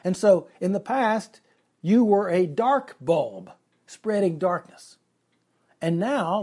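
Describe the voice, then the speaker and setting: A man's voice: sits high, darkish tone, slightly rough. A man preaching an expository sermon, reading scripture aloud and earnestly explaining it verse by verse.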